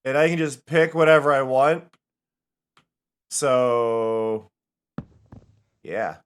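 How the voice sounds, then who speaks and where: A man's voice: medium pitch, very slow, smooth. A young man chatting casually on a live stream while playing a game, rambling and laughing often.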